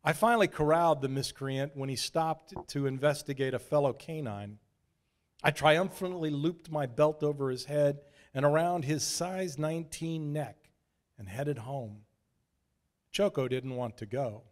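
A man from Idaho telling a wry, self-deprecating story as a preacher in a sermon. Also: a little high. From Idaho, USA.

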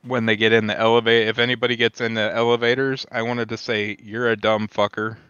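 A man's voice: medium pitch, quick pace, clear, resonant tone, dry recording, lo-fi sound. A man playing a tabletop game, talking casually with crude jokes. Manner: animated, crude banter. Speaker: player.

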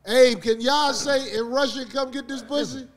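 A man's voice: very high voice, fairly even intonation, moderate pace, crowd noise. A man hosting a comedy podcast, teasing his guests with crude jokes and mock-accented asides. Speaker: host.

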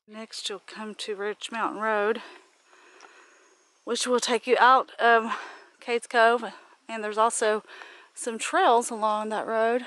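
A woman vlogger with a medium-pitched, fairly bright voice walks a loop on a rural park road, chatting to her camera, pointing out sights and casually venting. Faint outdoor ambience with insects can be heard.

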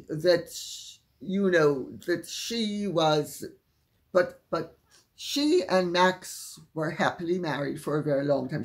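Chatty woman host dishing gossip, frank and unhurried, pitch swinging all over. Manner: chatty, candid, frank asides. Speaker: channel host. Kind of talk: gossipy storytelling.

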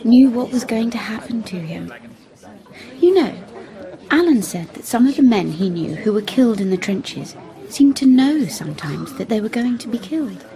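A woman's voice: medium pitch, big pitch swings, warm tone. An actress playing a reflective young woman in her twenties, a budding writer, in a radio play. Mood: earnest. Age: 20s. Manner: reflective, then brisk and bossy organizing games. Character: Kay, young woman writer, thoughtful and lively.

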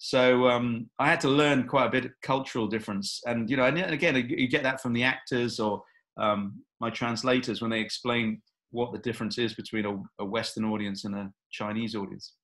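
A man, a film director, talks through an interview answer in a relaxed, meandering way. He fills pauses with "um" and "you know" and often restarts his sentences, in a medium-pitched voice. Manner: relaxed, rambling, frequent fillers and restarts.

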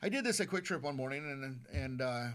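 A man's voice: mid-range voice, expressive, brisk, fairly bright tone. Earnest man telling stories in an interview. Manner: earnest, repeats words as he restarts. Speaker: Navy veteran guest. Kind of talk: casual interview storytelling.

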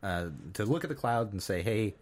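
Deep-voiced young man retelling a cartoon. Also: expressive. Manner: halting, with many fillers, restarts and quoted lines. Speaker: podcast co-host. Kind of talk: casual chat recapping a cartoon. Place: studio.

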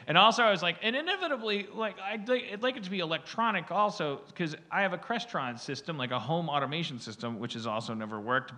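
Bright-voiced man rambling through a story. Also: mid-range voice. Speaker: podcast host. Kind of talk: casual chat.

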